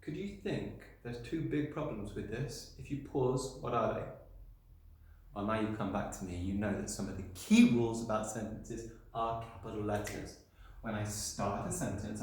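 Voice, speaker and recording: A man's voice: lowish voice, a little mellow. A man, a primary school teacher, explaining patiently in a recorded video lesson and answering his own questions. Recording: very echoey room sound.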